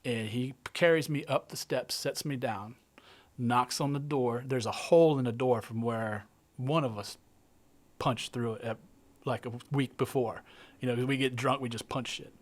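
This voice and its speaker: A man's voice: medium pitch, normal speed. A man, a guest artist, telling a vivid story in casual present tense, with some swearing and frequent restarts.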